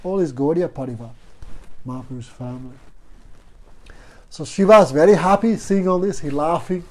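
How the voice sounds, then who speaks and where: The speaker is a man with a darkish, slightly high voice at a moderate pace. A spiritual teacher, he tells stories while leading a devotional class and keeps asking the room "no?".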